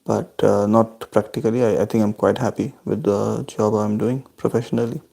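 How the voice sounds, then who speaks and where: Man vlogging a family video call; deep fry, husky, steady and courteous. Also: normal speed. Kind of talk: casual chat answering family questions.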